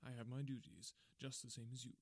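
A man doing a hushed, confiding railway guard. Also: mid-range voice, flat delivery, brisk, dry recording, natural voice.

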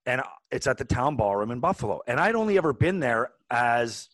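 Forties male co-host, casual storyteller with frequent restarts, mid pitch, dry close-miked sound. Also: fairly quick, no echo. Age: 40s. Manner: animated, rambling with many restarts. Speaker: podcast co-host.

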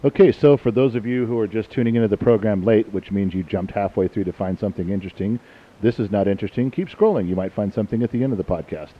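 A man's voice: fairly low pitch, fast talker. A middle-aged man hosting a casual family podcast, a blunt, profane and jokey storyteller talking with his grown kids. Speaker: podcast host and father. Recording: muffled lo-fi recording.

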